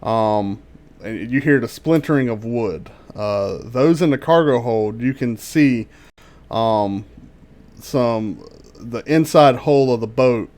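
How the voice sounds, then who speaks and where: Male game master, mid-range voice, halting delivery with many fillers, heard over a voice call. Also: medium pitch, darkish tone. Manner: halting, full of ums and restarts. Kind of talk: narrating a tabletop game.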